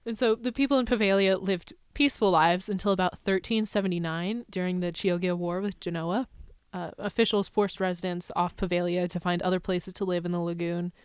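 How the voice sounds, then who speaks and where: A woman's voice: on the low side, steady tone, brisk, few pauses, clear, resonant tone, no room sound, studio quality. A woman co-hosting a podcast in casual chat, playful and sarcastic, often laughing. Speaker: podcast co-host.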